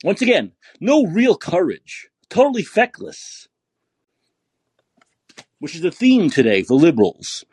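A man's voice: high-pitched, huge pitch swings, a little slow, pauses often, darkish tone, slightly rough, no echo. A man hosting a podcast, delivering a profane, sarcastic political rant. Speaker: podcast host. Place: San Francisco.

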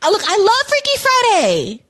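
Emphatic, high-voiced woman. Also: huge pitch swings, moderate pace, fairly bright tone. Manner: opinionated, emphatic, lots of "like" and "I'm sorry". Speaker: podcast co-host. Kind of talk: casual chat. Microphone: podcast mic.

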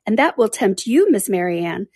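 A woman's voice: medium pitch, sing-song, moderate pace, darkish tone, slightly rough, dry recording, studio quality. A woman voicing a chatty older female matchmaker in a storybook reading, teasing and gossipy.

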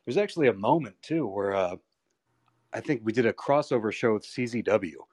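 A lower-pitched man in his thirties tells wrestling stories in a loose, rambling way. He swears freely and acts out the other people in his anecdotes. The recording is dry and close, with no room sound. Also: brisk, husky, dry recording. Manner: rambling, profane, animated retellings. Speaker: pro wrestler guest. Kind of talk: candid storytelling interview.

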